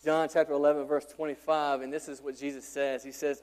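A man's voice: little pitch movement, fairly quick, few pauses, a little mellow. A male pastor preaching a sermon in a church, talking conversationally and asking his congregation questions. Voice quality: deep. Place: church sanctuary. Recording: hall reverb with mains hum.

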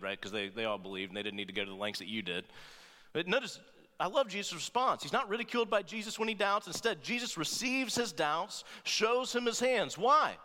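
A man's voice: a little high, very animated, fairly quick, bright, forceful tone. A man preaching a sermon as pastor, talking conversationally and often checking in with "right?" and playful asides. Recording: long reverb of a large hall.

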